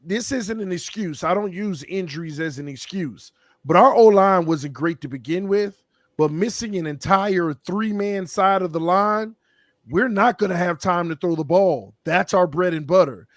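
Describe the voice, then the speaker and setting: A man's voice: high-pitched, no echo, clean studio sound. A man, losing his voice, giving an emphatic, slangy take in a casual sports debate as a roundtable panelist. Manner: emphatic, slangy, fast bursts. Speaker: roundtable panelist, team fan.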